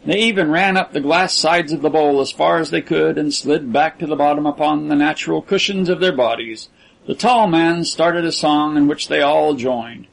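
A man reads a story aloud in an even, unhurried voice. His voice sits slightly high for a man, and he narrates steadily. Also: creaky, low-quality recording. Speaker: audiobook narrator. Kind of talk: scripted narration.

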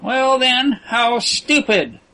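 A man's voice: very high-pitched, lively intonation, slow, sharp tone, pitched above the performer's own voice, full character voice. A man voicing a tall male prisoner who pleads desperately with his captor in a strained, raised voice. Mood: pleading, desperate.

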